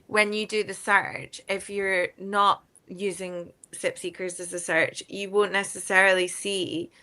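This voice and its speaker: A woman's voice: mid-range voice, little pitch movement, measured pace, bright, forceful tone. A woman guest on a podcast talking about her business in a friendly, enthusiastic, casual way, often trailing off mid-sentence. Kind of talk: casual interview chat.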